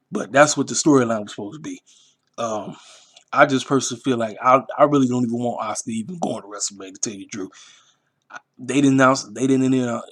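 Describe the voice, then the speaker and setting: A man hosting his own wrestling review channel, talking in a casual, rambling, emphatic way full of slang and repetition. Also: medium pitch. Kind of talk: casual commentary.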